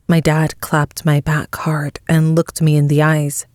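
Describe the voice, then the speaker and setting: A woman narrates a story in the first person, reading slowly and with measured emotion. Her voice is low and the recording is dry, close and free of room sound. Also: completely flat delivery, a little mellow, no echo. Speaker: audiobook narrator.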